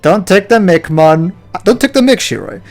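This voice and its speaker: A man's voice: high-pitched, expressive, moderate pace, a little mellow, faint music behind, voice pushed up. A man voicing a chirpy male robot chef with a Welsh accent, who swaps his swear words for bleeps and bloops. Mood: cheeky. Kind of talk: voicing game dialogue.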